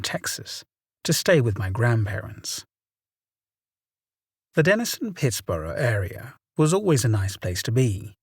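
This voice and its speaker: A man reading a first-person horror story aloud, slow and suspenseful with dramatic pauses. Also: mid-range voice, husky, no room sound, clean studio sound. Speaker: story narrator. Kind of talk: scripted horror story narration.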